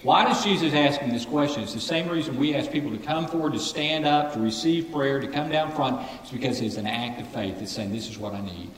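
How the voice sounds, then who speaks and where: A pastor preaches a sermon and leads call-and-response, calling on the congregation to repeat phrases back to him. His mid-range voice moves a little fast with few pauses. It's captured from a distance in an echoey hall, with a bit of background noise.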